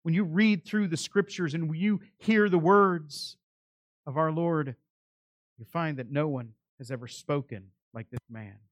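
A man's voice: fairly high pitch, unhurried, no echo. A male pastor preaching a sermon, earnest and pleading, building to emphatic calls.

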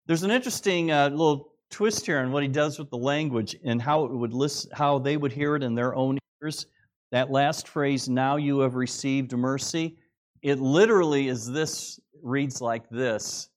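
A middle-aged male pastor delivers a sermon in an earnest, conversational way. His voice sits at an ordinary middle pitch. He drops into quiet asides, then builds to loud, emphatic exclamations. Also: normal speed. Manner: earnest preaching, dramatic swings between soft asides and raised exclamations.

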